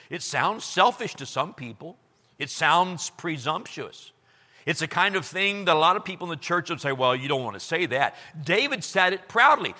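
A man preaching a sermon as a pastor, moving from loud cries to hushed whispers. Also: on the high side. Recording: long hall reverb.

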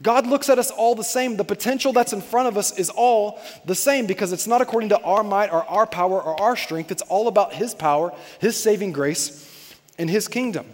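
A man's voice: sits high, fairly quick, big-room sound. A male pastor preaching a sermon in a conversational, emphatic way, repeating his key points.

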